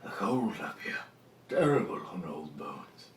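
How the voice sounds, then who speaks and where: A man voicing a reclusive old male mage who mutters hesitantly in a soft, breathy voice. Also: deep voice, very animated, a little slow, echoey room, recorded from a distance, a little hiss or hum. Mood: muttering.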